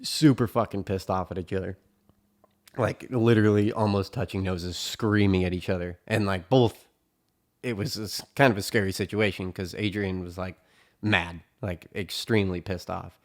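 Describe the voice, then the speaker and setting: Lower-voiced man, casual rambling storyteller, swears freely. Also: fairly even intonation, moderate pace. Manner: profane, rambling, full of fillers.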